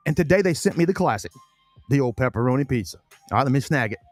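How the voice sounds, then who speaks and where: Chatty and talking with his mouth full, a sports podcast host rambles and repeats himself in a casual show. His medium-pitched voice is lively and quick, recorded dry with faint background music.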